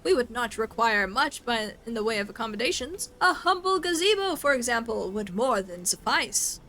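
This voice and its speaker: A woman voicing a pompous, flamboyant gentleman inspector in a game, speaking in a theatrical, grandiloquent way. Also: a little high, sing-song, normal speed, a little hiss or hum, full character voice, rough recording. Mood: grandiose.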